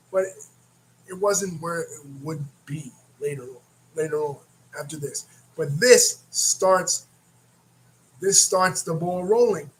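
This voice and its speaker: A man's voice: high voice, slight background noise, low-quality recording. A man hosting a casual wrestling recap, rambling and often restarting his words. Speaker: wrestling reaction host.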